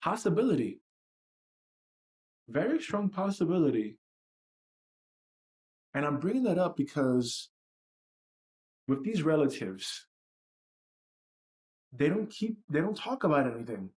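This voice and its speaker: A man's voice: on the high side, very animated, a little slow, pauses often, a little mellow. A man hosting a livestream, talking in a blunt, profane and self-reflective way. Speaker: livestream host. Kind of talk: candid livestream monologue.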